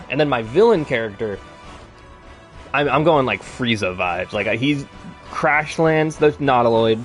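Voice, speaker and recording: A man's voice: medium pitch, expressive, moderate pace, faint music behind. A man talks casually on a live stream in a mid-range voice. He rambles, restarts his sentences and swears freely. He often slides into heated rants.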